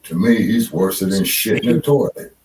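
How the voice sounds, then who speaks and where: A man's voice: on the low side, moderate pace, darkish tone, recorded from a distance, a little hiss or hum. Man, blunt and profane, casual chat, echoey room. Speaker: co-host. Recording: roomy echo, set back from the mic.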